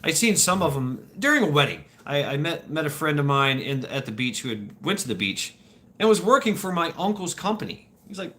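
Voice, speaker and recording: A man in his forties rambles through viewer questions on a live stream. His voice is bright and forceful. He halts often, repeats words and laughs between stories. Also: mid-range voice, expressive, brisk.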